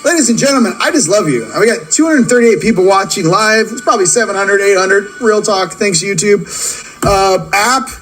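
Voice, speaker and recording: An excitable man with a fairly high voice hosts a live stream, rattling off viewers' locations between stretches of spiritual talk. He laughs often and keeps up a hyped, rapid-fire delivery. Soft music plays faintly underneath. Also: low-quality recording. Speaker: livestream host.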